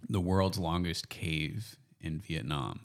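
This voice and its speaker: Very deep-voiced Canadian man, rambling chat. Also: gravelly. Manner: rambling, self-correcting, quick laughs. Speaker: podcast host. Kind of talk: casual chat.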